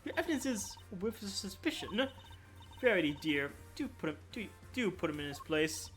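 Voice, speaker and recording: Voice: medium pitch, sing-song, normal speed, soft background music, lightly acted. A streamer putting on a syrupy, patronizing female warden. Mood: sugary, dismissive. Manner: sugary, patronizing, calls others darling and sweetie. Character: flirty, condescending female prison warden. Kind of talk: reading a video game's dialogue aloud on stream.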